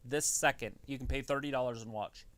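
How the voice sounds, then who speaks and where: A man's voice: medium pitch, steady tone, brisk, a bit bright, no echo. A man co-hosting a casual wrestling live stream, chatting easily and explaining things to his co-host.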